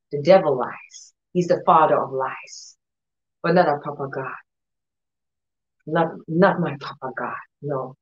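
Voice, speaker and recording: Emphatic woman preacher, lower voice. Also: darkish tone, dull audio. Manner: emphatic and repetitive, breaks into brief laughs. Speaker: Christian teacher. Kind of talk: sermon-style teaching.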